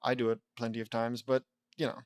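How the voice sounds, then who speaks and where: A man's voice: mid-range voice, flat delivery, fairly quick, a little mellow, no echo. A young man reading a fan story aloud, breaking off into sarcastic, exasperated asides to mock the writing. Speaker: fanfiction reader and commentator. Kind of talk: mocking read-aloud commentary.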